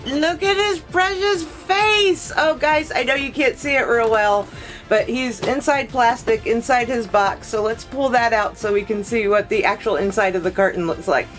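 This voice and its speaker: A woman's voice: a little high, moderate pace, soft background music, rough recording. A woman hosting an unboxing video, talking to her viewers in a gushing, emotional way as she unpacks a collectible figure. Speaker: collectibles reviewer. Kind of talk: excited unboxing vlog.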